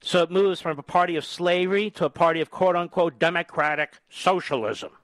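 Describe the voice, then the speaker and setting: A man's voice: high-pitched, fairly even intonation, brisk, a bit bright, no room sound. A man in his sixties from the United States, a radio host delivering a combative, scornful political monologue with emphatic repetition. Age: 60s.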